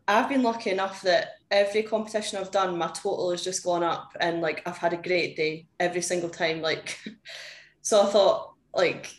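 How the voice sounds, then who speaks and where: Chatty young woman, echoey room. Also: on the low side. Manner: chatty and candid, many "like" fillers. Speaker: podcast guest, competitive powerlifter. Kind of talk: casual interview chat.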